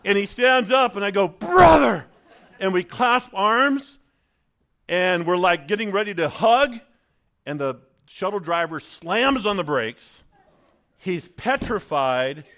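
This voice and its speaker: A male pastor preaching a sermon in a church, telling personal stories in an animated way with stammering restarts. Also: high voice, takes it slowly.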